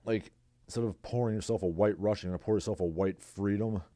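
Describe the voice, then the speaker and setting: A man runs his own livestream, speaking in a fairly low, mellow voice with a steady tone and quick pace on a dry recording. His casual solo commentary is sarcastic and meandering, and he reads out viewers' chat.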